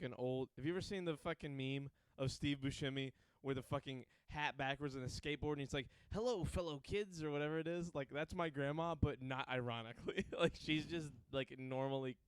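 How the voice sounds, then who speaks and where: A man's voice: medium pitch, smooth, no echo. A young man hosting a podcast, telling rambling, profane stories in casual chat and laughing often. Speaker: podcast host.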